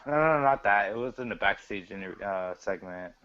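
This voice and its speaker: A man's voice: lowish voice, brisk. A man co-hosting a podcast, telling stories in casual chat with plenty of swearing and acted-out quotes. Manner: profane, animated storyteller acting out quotes. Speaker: podcast co-host. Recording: dull lo-fi recording with clear noise.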